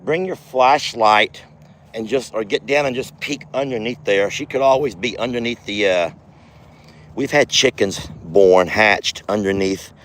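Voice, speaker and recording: A man's voice: fairly low pitch, fairly bright tone. A man hosting a casual farm vlog outdoors, chatty and folksy, talking affectionately to his animals. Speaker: ranch owner and vlogger.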